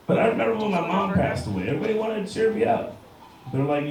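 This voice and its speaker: Male stand-up comic, 30s, crude and punchy, shouted punchlines, slightly high voice, distant mic, very echoey bar room. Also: animated, quick pace, slight background noise. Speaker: stand-up comedian. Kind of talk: stand-up set. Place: bar stage before a live crowd.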